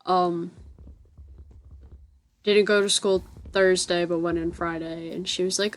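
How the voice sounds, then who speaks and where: A woman's voice: fairly low pitch, fairly even intonation, slow, vocal fry. A young woman from the United States telling a rambling story in a casual voice-over, often stopping to correct herself. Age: young adult. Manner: rambling, self-correcting, chatty. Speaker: gaming channel host. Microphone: voice-over recorded separately from the game footage.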